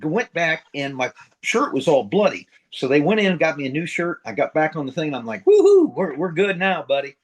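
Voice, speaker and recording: Middle-aged man, ex-Marine senior enlisted, slightly higher voice, profane rambling raconteur, casual interview. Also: lively intonation, a little fast, poor audio. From central United States. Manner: rambling, profane, blunt, voices sound effects. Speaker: retired Marine sergeant major, guest.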